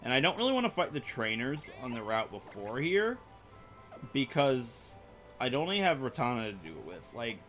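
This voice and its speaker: A man's voice: medium pitch, big pitch swings, moderate pace, a bit bright, faint music behind. A young man rambling through let's play commentary, chatty and self-mocking as he plays. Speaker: gaming YouTuber.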